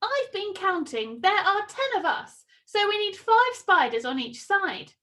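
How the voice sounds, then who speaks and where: A woman voicing an excited little girl spider. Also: very high voice, a little slow, pitched above the performer's own voice, exaggerated voice. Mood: eager.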